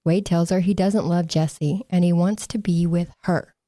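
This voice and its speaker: A woman's voice: fairly low pitch, steady tone, moderate pace, mellow, no room sound, clean studio sound. A woman co-hosting a casual true-crime podcast, sarcastic and laughing as she mocks the people she talks about. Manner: sarcastic, laughing, mocking quotes. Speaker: podcast co-host.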